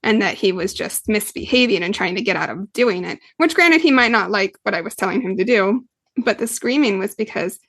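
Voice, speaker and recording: Guesting on a podcast interview, a parenting coach explains parenting earnestly, often using fillers. Her voice is medium-pitched and a bit bright, with no echo.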